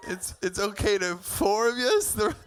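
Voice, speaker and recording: A man's voice: high-pitched, very animated, unhurried, faint music behind. A man from Canada doing a live stand-up set in a comedy club, swearing freely and telling stories with exasperation. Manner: profane, exasperated storytelling.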